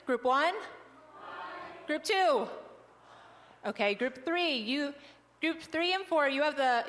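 A missionary presenter with a high, slightly bright voice leads an audience through a group exercise, cheerful and teacherly and laughing often. The recording carries a long hall reverb.

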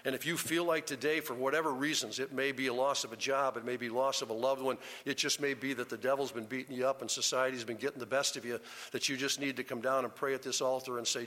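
A middle-aged man preaching a sermon in a church, telling a story in an earnest, unhurried way. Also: mid-range voice, fairly even intonation, pushed and bright. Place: church sanctuary. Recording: long church reverb.

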